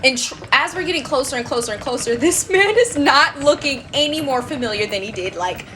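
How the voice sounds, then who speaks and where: A woman telling a true story from her childhood in a casual, animated, chatty way with lots of fillers. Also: high voice, fairly quick. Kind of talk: casual storytime while crocheting.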